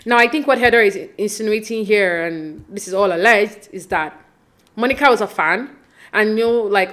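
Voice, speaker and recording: A woman talks through a reality-TV episode in a chatty, opinionated way, stumbling over restarts and fillers as she thinks aloud. Her voice sits at an ordinary middle pitch for a woman. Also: normal speed, a bit bright. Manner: acts out quoted lines with mock voices. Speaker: podcast host recapping reality TV. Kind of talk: casual recap commentary.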